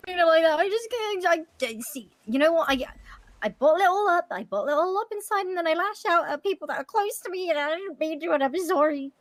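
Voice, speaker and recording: Woman playing a high, swinging-voiced hothead who stammers and apologizes, dry close sound. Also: animated, no room sound. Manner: stammering, swearing, quick apologies. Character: blunt, hot-tempered, apologetic woman. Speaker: streamer role-playing her character. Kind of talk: improvised role-play chat.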